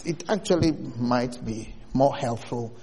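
A man preaching a sermon in an animated way, rising to loud bursts as he presses his points. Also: mid-range voice, unhurried. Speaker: pastor. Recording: long hall reverb.

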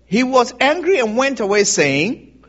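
A man's voice: very high voice, unhurried, highs cut off. A man preaching an interactive Bible teaching, often asking the congregation if they understand and laughing along. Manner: animated, asks the congregation questions, laughs often. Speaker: pastor.

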